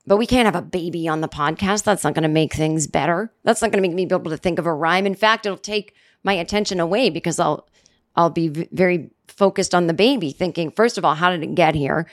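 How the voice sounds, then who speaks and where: Talking quickly into a studio mic, a middle-aged woman runs her own comedy podcast alone, meandering sarcastically and frequently poking fun at herself. Her voice is on the low side.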